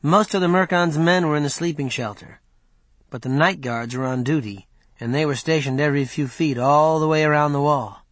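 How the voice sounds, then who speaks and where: A man narrating an audiobook in a steady, even storytelling manner. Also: on the high side, moderate pace, no echo. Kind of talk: scripted narration.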